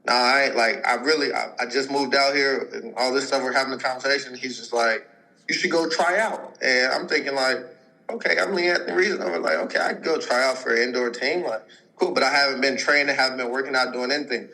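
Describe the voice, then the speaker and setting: A man's voice: medium pitch, steady tone, quick pace, vocal fry, pushed and bright, low-quality recording. A man in his twenties, a podcast guest, telling a long personal story in a rambling way, full of filler words and acted-out quotes from other people. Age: 20s. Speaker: podcast guest, pro football player. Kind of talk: casual storytelling.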